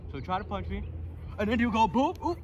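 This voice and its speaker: A man playing a hot-headed, high-voiced fight instructor. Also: big pitch swings, brisk, lo-fi sound, a crowd in the background. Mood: blustering. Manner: cursing, blustering, filler-heavy. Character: hot-tempered foul-mouthed male fight instructor. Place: outdoors in hot sun. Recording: distant mic, clear outdoor noise.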